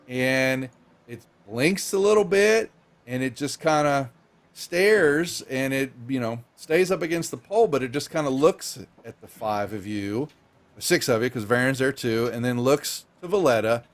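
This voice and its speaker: A man's voice: mid-range voice, expressive. Man, dungeon master, tabletop game narration, lots of fillers, mid voice. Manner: halting, filler-heavy narration.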